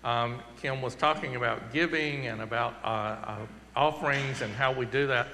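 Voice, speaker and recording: A Southern-accented pastor gives church announcements and a closing prayer in an earnest, conversational way, slowing down for emphasis. His mid-range voice is pushed and bright with fairly even intonation. The sanctuary adds a long hall reverb, and there's slight background noise.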